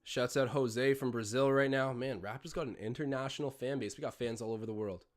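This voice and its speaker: A man's voice: medium pitch, fairly quick. A young Canadian man hosting a live watch-along stream, mixing casual play-by-play with rambling chatty tangents.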